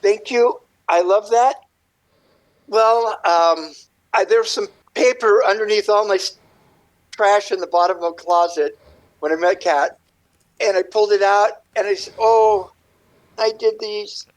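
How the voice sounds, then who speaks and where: Animated high-voiced man telling stories. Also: unhurried, long pauses, low-quality recording. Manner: rambling, animated storyteller acting out quotes. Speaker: guest artist. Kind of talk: radio interview chat.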